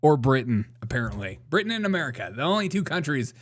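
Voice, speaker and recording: Male host, casual live commentary, mocking, laughs a lot, mid-pitched voice. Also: big pitch swings, quick pace. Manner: mocking, laughs often, calls people dude.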